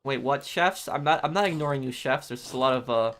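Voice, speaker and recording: A fast-talking man with a mid-range, fairly bright voice streams a game and chats casually. In an easygoing way he reads viewer messages aloud, thanking each person in succession.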